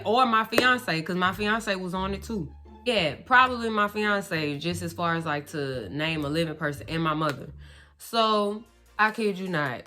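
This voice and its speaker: A young woman vlogger telling a story in a casual, blunt, profane way. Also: lowish voice.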